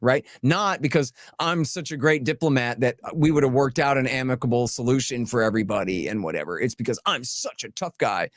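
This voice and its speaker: A man's voice: mid-range voice, no room sound, clean studio sound. A man speaking as a guest in a casual podcast conversation, blunt and emphatic, firing off lists of points with rising heat. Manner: emphatic, blunt and animated, piling up rapid lists; mocking tone when voicing opponents.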